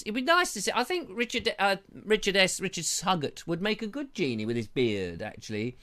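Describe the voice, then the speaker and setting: A man's voice: sits high, big pitch swings, brisk, few pauses, sharp tone. An English man hosting a live-stream chat show, reading out viewers' comments and joking around, on a lapel mic. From Britain. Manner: playful, jokey, slips into silly voices. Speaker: host.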